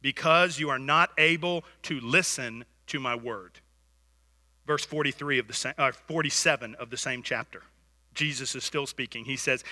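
A man preaching a sermon as pastor, telling stories with lively swings from hushed to loud. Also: mid-range voice, moderate pace. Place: church sanctuary. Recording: church hall reverb.

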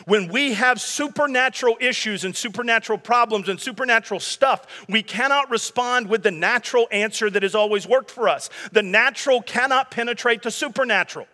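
A man in his thirties preaches in an easy, conversational way, with humor and asides to his listeners. His voice sits high and sounds bright and forward. A long hall reverb trails after his words. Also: brisk, hardly any pauses. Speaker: pastor. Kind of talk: sermon.

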